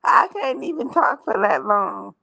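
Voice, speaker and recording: Female stream co-host, slow delivery, lively pitch, teasing. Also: creaky, a crowd in the background. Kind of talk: casual live stream chat.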